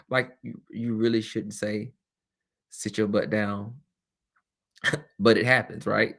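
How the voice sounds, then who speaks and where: A man's voice: lowish voice, flat delivery, slow pace, creaky, long pauses, fairly bright tone. A man hosting a webcast as a former teacher, talking candidly and casually, with frequent laughs and chatty asides.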